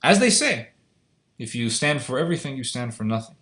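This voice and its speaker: A man of middle pitch talks through a loose, unscripted commentary. He is earnest and insistent, and he often doubles back to repeat or restart a phrase. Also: big pitch swings, brisk, fairly bright tone, echoey room. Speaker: online video commentator.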